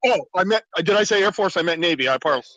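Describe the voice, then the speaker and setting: Bright-voiced enthusiastic male co-host. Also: sits high, animated, rapid-fire, no room sound, muffled recording. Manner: enthusiastic, chimes in with reactions. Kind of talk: casual chat.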